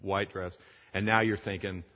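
A man with a fairly low voice preaches a sermon to a room of pastors. He tells a story animatedly and acts out its characters as he goes. The sound is dull and lo-fi, with a long reverb trailing through a large hall. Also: moderate pace. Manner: animated storytelling, acting out the dialogue.

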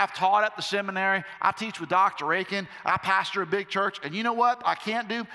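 A man's voice: high-pitched, bright, forceful tone. A middle-aged man preaching a sermon to a live audience, talking conversationally with emphatic repetitions. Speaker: pastor. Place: large hall with a live audience. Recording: echoey hall reverb.

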